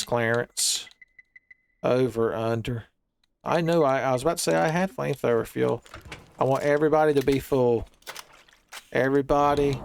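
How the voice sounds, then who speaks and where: A man giving rambling, joking commentary while he plays a video game, peppering his talk with "son" and bits of silly wordplay. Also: mid-range voice. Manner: rambling jokey riffing, calls viewers "son". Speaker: gaming streamer.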